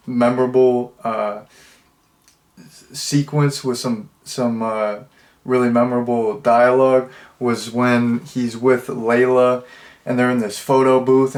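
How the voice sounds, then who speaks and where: Young man, movie reviewer, casual, rambling, amused, chatty, mid-pitched voice.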